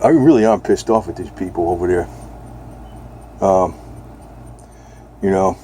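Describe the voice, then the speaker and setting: A man's voice: fairly low pitch, dark tone, a little hiss or hum. A man talking casually and bluntly in a rambling home video, now and then speaking to his cat. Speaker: vlogger.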